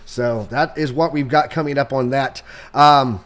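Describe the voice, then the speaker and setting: A young man reading through the week's economic calendar on a live stream, his voice at an ordinary pitch. He is loose and chatty, drops in sarcastic jokes, and pads his sentences with ums and uhs. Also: fairly even intonation, measured pace, fairly bright tone. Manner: loose and joking, sarcastic asides, many fillers. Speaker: co-host covering the economic calendar. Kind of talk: casual live-stream market update.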